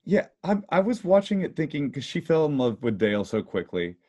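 A man's voice: on the high side, big pitch swings, brisk, dark tone. A man co-hosting a casual chat, trading wry, opinionated banter. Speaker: podcast co-host.

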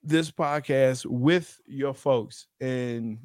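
A man co-hosting a podcast in casual chat, telling stories in animated, quick bursts. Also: medium pitch, dry recording, clean studio sound. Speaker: podcast co-host.

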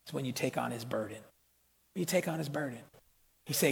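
Gravelly-voiced man preaching in a hall. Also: medium pitch, fairly quick. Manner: lively, conversational preaching with slang and call-outs. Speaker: pastor. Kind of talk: sermon. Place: church hall. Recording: long hall reverb.

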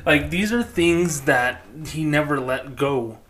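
A man's voice: a little high, animated, takes it slowly, a bit bright, slight background noise. A man delivering a casual ranting monologue as a former bank employee, blunt and profane, often stopping to say "okay?". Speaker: former bank employee turned customer advocate.

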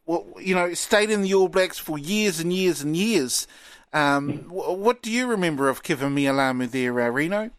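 Teasing New man, higher voice. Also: expressive, moderate pace, smooth, no echo. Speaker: radio host. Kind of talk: casual radio banter.

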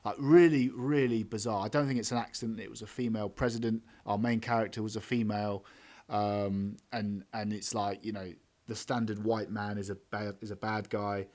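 A man's voice: on the low side, fairly even intonation, moderate pace, a little mellow. A man hosting a podcast, reviewing a film in a blunt, sweary, scathing way and laughing often as his co-hosts interrupt. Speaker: podcast host. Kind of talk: casual film review chat.

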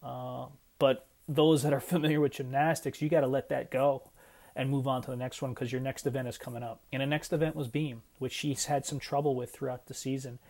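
A middle-aged man talking in a casual vlog, emotional and choked up, halting with many fillers. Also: mid-range voice, flat delivery, a little mellow. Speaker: parent vlogger.

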